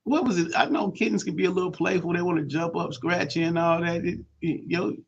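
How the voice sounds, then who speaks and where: A gravelly, fairly high-voiced man hosts a morning radio show in loose, slangy banter packed with shout-outs. He is from Chicago. The lo-fi stream sounds dull and carries a faint hiss. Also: fairly even intonation, brisk. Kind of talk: casual morning radio talk.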